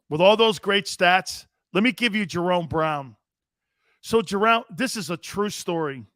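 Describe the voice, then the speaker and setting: Man, fifties, sports talk host, boisterous rambling storyteller, higher voice, dry sound. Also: no echo. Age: 50s. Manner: boisterous, rambling anecdotes with frequent restarts and profanity; animated, emphatic storyteller.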